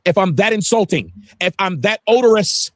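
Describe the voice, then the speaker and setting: A man's voice: high voice, lively intonation, moderate pace, no room sound, clean studio sound. A man on a livestream talking heatedly, ranting emphatically and swearing often. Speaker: guest on a livestream.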